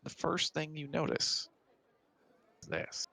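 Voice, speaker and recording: A man narrating a tabletop game as game master, halting and hesitant, with many fillers. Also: on the high side, expressive, creaky, bright, forceful tone, breathy edge.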